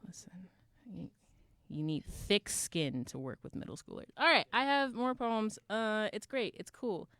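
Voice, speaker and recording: A woman's voice: mid-range voice, expressive, a little slow, a bit bright, no room sound. A woman sharing poems at a live open mic with playful, self-deprecating banter, speaking into a stage mic. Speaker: poet and co-director of the group. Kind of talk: casual stage banter and poetry.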